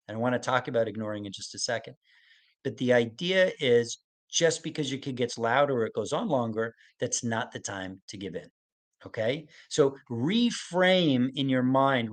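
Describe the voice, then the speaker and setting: A man giving a webinar to parents, talking in an earnest, coaching way with a laugh now and then. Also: mid-range voice. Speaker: autism expert giving a webinar.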